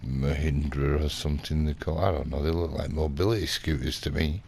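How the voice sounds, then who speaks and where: Gravelly deep-voiced man. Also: steady tone, brisk, a little mellow. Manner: rambling, indignant anecdote telling with acted quotes. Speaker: gaming vlogger. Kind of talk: casual in-character gameplay storytelling.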